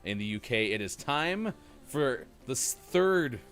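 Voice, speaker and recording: A man's voice: mid-range voice, very animated, a little slow, a bit bright. A man hosting a live gaming morning show, teasing his co-host and laughing often in casual banter.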